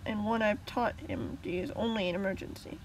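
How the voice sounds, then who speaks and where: A woman's voice: mid-range voice, fairly quick, a little hiss or hum, natural voice, rough recording. Woman reading as a determined young hero boy. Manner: urgent, commanding.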